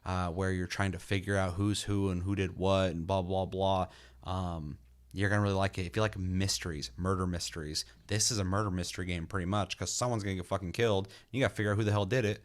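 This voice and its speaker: A man's voice: sits low, fairly even intonation, fast talker. A man co-hosting a gaming podcast in casual chat, swearing freely and telling stories with energy. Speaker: podcast co-host reviewing games.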